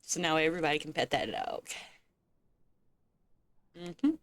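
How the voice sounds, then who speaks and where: A woman's voice: low-pitched, measured pace, no echo. A woman streamer chatting casually and playfully, teasing her chat and laughing often. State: eating with a full mouth. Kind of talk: casual gaming livestream chat.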